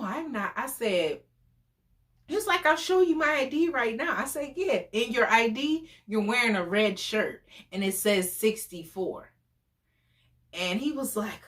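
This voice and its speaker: A woman in her forties telling a story casually, animated and exclamatory, often breaking into laughter. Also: fairly high pitch. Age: 40s. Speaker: storytime vlogger.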